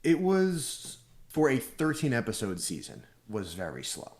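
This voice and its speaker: A man co-hosting a podcast, explaining his views in a measured, analytical way. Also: mid-range voice, wildly swooping pitch, darkish tone. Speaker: podcast co-host. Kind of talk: casual chat.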